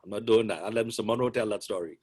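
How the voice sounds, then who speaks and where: A man's voice: lowish voice, rapid-fire, a crowd in the background. A middle-aged man, a basketball coach, answering questions on a video call in a chatty, joking way.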